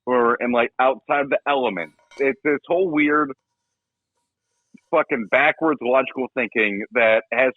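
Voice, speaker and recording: Profane joking man, lively high voice. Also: no room sound. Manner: crude, profane, jokey. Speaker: podcast co-host. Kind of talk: casual comedic chat. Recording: dull lo-fi podcast audio.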